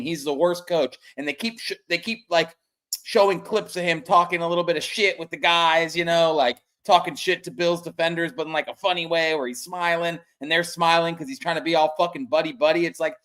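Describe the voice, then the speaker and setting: A man co-hosting a sports stream, ranting in frustration and trailing off quietly at the ends of thoughts. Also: fairly high pitch. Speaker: co-host of a sports betting stream. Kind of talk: casual profane sports chat.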